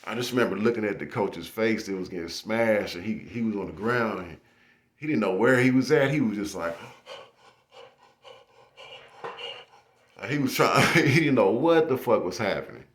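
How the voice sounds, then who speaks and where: Animated young man telling a story. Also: fairly low pitch, moderate pace, long pauses. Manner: animated, laughing, with acted-out shouts. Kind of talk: casual storytelling. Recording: echoey room.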